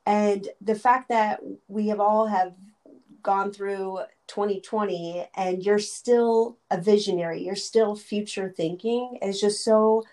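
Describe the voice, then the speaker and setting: A woman's voice: medium pitch, steady tone, takes it slowly, mellow. A woman hosting an interview, effusive and affirming as she sums up and praises her guest. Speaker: interviewer, host.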